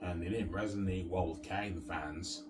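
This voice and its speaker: A man's voice: sits low, fairly even intonation, normal speed, music in the background. A man in a casual rant to his viewers, rambling and stammering, repeating the same filler words and swearing often. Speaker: vlogger.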